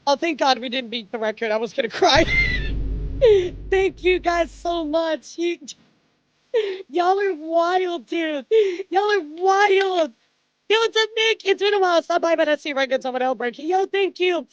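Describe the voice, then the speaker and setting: A woman's voice: very high-pitched, normal speed, dry recording, muffled recording. A woman streamer chatting live to her audience, overwhelmed and swearing, calling everyone "dude" and "guys".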